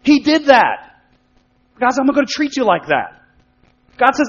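A man preaching a sermon in a conversational way, acting out quick spoken asides. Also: high-pitched, sing-song, fairly bright tone. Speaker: pastor. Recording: dull sound with long hall reverb.

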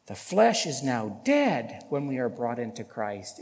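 Male pastor, sermon delivery, emphatic and deliberate, long church reverb. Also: medium pitch, animated. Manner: emphatic, rising loud on key points, rhetorical questions.

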